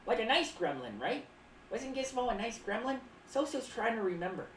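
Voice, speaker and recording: Dressed up as a clown on stream, a woman rambles along, reads out chat messages, and makes playful asides, frequently referring to herself in the third person. Her slightly high voice is very animated at a moderate pace, captured far from the mic in a roomy setting with faint noise behind her.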